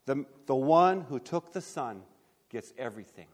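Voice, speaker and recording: Formal auctioneer, as a preacher puts him on. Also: male voice, mid-range voice, expressive, moderate pace, long reverb tail, lightly acted. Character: persistent male auctioneer, calm and formal.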